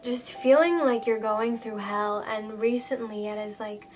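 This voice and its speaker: A woman reads tarot for her viewers in a gentle, reassuring way. Her voice sits a little high, and she pauses often and fills gaps with soft hesitations. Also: faint music behind. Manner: gentle, reassuring, with frequent fillers. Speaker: tarot reader. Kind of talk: tarot reading monologue.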